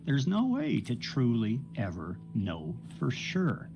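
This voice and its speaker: A man's voice: mid-range voice, huge pitch swings, slow pace, gravelly, lo-fi sound, music in the background. A man streaming games, going off on a rambling, profane rant and often laughing. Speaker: game streamer.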